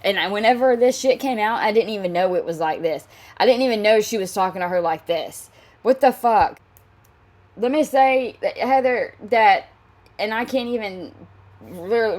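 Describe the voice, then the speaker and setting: Angry, profane woman reading messages. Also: medium pitch. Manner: heated, profane, frequent restarts. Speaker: commentary creator.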